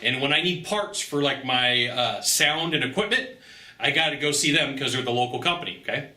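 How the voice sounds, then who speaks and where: A man, a sales trainer, telling a story in a casual vlog monologue, animated and emphatic, tagging his points with quick asides. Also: medium pitch. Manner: conversational, tags points with "okay?" and "right?". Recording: roomy echo.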